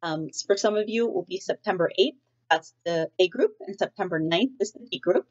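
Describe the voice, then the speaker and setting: A woman's voice: on the low side, fairly quick, lo-fi sound. A middle-aged woman teacher chatting in a friendly way with many fillers, reading a storybook aloud to students from home.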